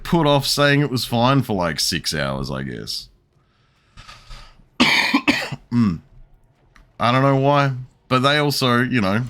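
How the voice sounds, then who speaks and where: A man's voice: medium pitch, a bit bright. A young man streaming a game, telling a long, profane story in a rambling, chuckling way. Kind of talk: casual chat while gaming.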